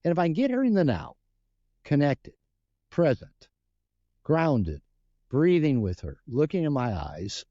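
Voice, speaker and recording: A man speaks as a podcast guest, earnest and explanatory. His voice is warm and mellow, with lively swings of pitch as he acts out bits of dialogue. The sound is dry and a little dull. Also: a little slow, long pauses, dry recording. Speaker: podcast guest, relationship author. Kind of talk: podcast interview storytelling.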